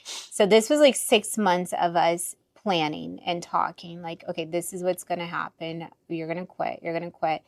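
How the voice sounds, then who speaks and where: A woman with a fairly low voice co-hosts a relaxed conversation with her partner. She is supportive and often finishes his thoughts. Her voice sounds close and dry, with no room echo. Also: normal speed. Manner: supportive, fills in and finishes the other speaker's thoughts. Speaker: podcast co-host, spouse of the other host. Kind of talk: casual conversation.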